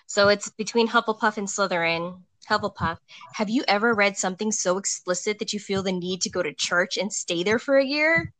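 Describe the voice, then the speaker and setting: A woman co-hosting a relaxed podcast over a call from home, reading out listener prompts and giggling along. her voice sits at a middle pitch, and it sounds close and dry. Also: fairly quick, no echo. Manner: giggly, easygoing. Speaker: podcast co-host. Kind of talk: casual chat, reading listener prompts aloud.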